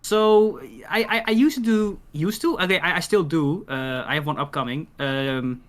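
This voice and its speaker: A man chatting as a guest on a livestream in a relaxed, comfy voice, wry and grumbly, swearing casually. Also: fairly high pitch, moderate pace. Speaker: guest streamer.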